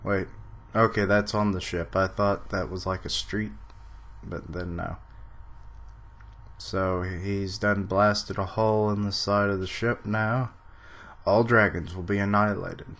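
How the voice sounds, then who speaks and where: A man reading a manga chapter aloud on a live stream and commenting on it, with dry sarcastic asides and now and then clearing his throat. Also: lowish voice, flat delivery, slow pace, fairly bright tone. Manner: clears throat, mentions allergies. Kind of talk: casual live reading and reaction.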